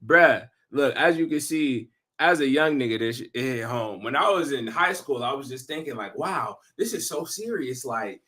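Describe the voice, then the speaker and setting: A man's voice: medium pitch, normal speed, hardly any pauses. A man around thirty giving casual, slangy reaction commentary on a song during a livestream. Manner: animated, slangy, talks back to the song. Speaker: livestream host reacting to music.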